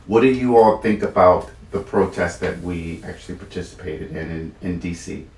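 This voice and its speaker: A man's voice: low-pitched, fairly even intonation, moderate pace, darkish tone. A man co-hosting a podcast, talking earnestly with frequent restarts. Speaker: podcast co-host. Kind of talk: casual discussion. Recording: roomy echo, a bit far from the mic.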